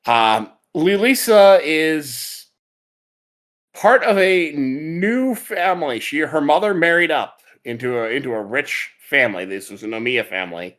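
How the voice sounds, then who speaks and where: Anime podcast guy recapping a show, lively up-and-down voice, chatty. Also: fairly high pitch, measured pace. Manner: lively, summarizing a plot with filler words. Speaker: podcast co-host. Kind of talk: casual chat about anime.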